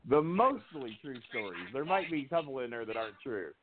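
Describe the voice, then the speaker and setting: A man's voice: medium pitch, sing-song, a little fast, crowd noise. A male radio host in casual talk, joking and laughing often as he tells stories over a phone line. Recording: tinny phone line with faint noise.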